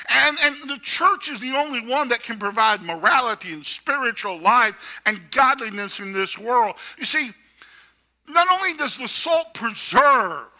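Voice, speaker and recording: A man's voice: extremely high pitch, bright, forceful tone. A man preaching a sermon to his congregation, folksy, with joking asides. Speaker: pastor.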